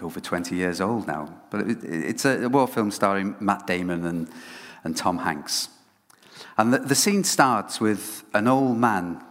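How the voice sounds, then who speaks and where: Man preaching in a reverberant hall. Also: low voice. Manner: animated storytelling with frequent restarts. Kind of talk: conversational sermon.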